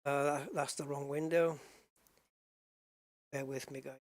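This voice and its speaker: A man's voice: medium pitch, flat delivery, unhurried. A man giving live commentary while driving a racing sim, exclaiming often as he wrestles a heavy wheel. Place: home sim rig. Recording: loud racing game engine noise behind.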